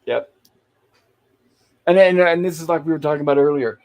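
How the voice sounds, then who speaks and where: A man's voice: on the high side, normal speed, a little mellow. A man hosting a show, casually retelling an old TV episode scene by scene. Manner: acts out quoted lines while recapping, chatty. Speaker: host.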